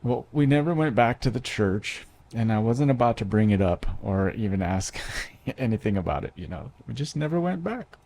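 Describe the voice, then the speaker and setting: A man's voice: mid-range voice, lively intonation, normal speed, dark tone. A man in his thirties telling a personal story to an audience in a conversational way, with many fillers and restarts. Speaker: speaker.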